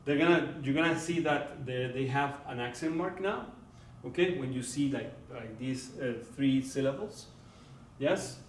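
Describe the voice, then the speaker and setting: In this classroom lecture, heard from far off in an echoey room with faint background noise, a mid-range male voice explains Spanish grammar. His pace is slow and deliberate, he repeats words often, and he keeps checking in with listeners by asking "right?" and "okay?".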